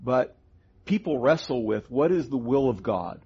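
A middle-aged man co-hosts a Christian teaching show, earnestly explaining doctrine step by step in conversational Bible teaching. His medium-pitched voice is expressive, a little slow and mellow with a breathy edge, and the lo-fi recording sounds dull.

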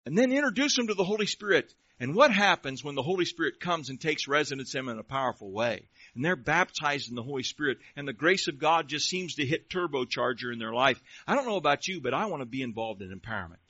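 A man's voice: on the high side, lively intonation, quick pace, pushed and bright, no room sound. A male pastor delivering a sermon, emphatic and calling out questions to the congregation. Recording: dull lo-fi recording.

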